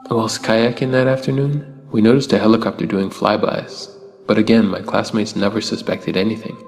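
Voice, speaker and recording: Low, gravelly male horror narrator. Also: little pitch movement, normal speed, darkish tone. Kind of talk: scripted narration. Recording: long hall reverb with faint music.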